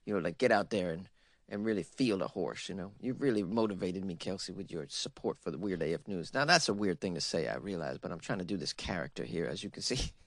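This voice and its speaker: A man voicing a folksy, rambling old Southern man with a put-on Southern US accent, talking in a lowered voice. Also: expressive, fast, no echo, studio quality. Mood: earnest.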